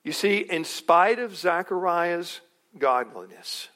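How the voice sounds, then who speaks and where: A middle-aged male pastor preaching a sermon, animated and acting out quotes with chuckles. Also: sits high, slow.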